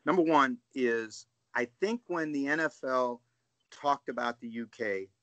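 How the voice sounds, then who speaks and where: Bright-voiced man telling stories. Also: medium pitch, a little slow, no echo. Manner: storytelling, animated, says "dude" and "right?". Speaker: guest coach. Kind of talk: casual podcast chat.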